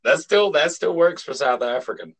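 A man's voice: on the high side, lively intonation, moderate pace. A man co-hosting a podcast in crude, casual banter, swearing constantly and laughing often. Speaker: podcast co-host.

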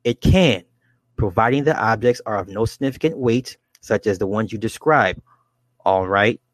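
A man reading a book aloud and adding his own commentary, with halting restarts and asides to his listeners. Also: on the low side, animated, dry recording. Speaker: reader and commentator.

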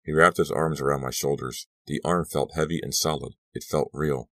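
A man narrating a horror audiobook in a measured, tense reading. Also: very deep voice, fairly even intonation, vocal fry, dry recording.

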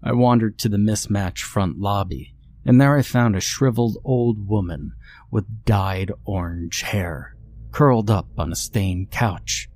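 A man narrating a first-person horror story in a measured, bitter tone. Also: lowish voice, darkish tone, no echo.

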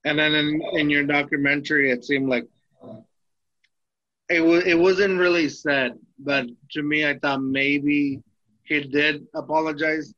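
A man's voice: on the high side, steady tone, unhurried, bright, forceful tone, dull audio. A man hosting a podcast, a teacher, talking in a hesitant way and searching for his words. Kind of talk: casual podcast interview.

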